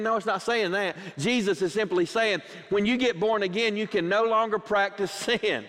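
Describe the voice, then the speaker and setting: A man's voice: sits high, normal speed, few pauses, a bit bright. A middle-aged man preaching a sermon, telling a personal story and acting out both sides of the conversation. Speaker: pastor. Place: church sanctuary. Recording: long hall reverb, church sanctuary.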